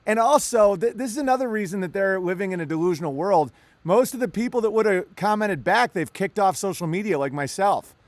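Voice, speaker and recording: Animated, profane man with a high voice. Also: no room sound. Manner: animated, profane, quick asides and jokes. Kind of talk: casual conversation.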